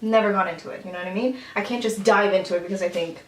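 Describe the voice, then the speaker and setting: A woman in her twenties chatting with her best friend, thoughtful and measured, a little hesitant. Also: mid-range voice, steady tone. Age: 20s. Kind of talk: casual chat. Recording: roomy echo, mic at a distance.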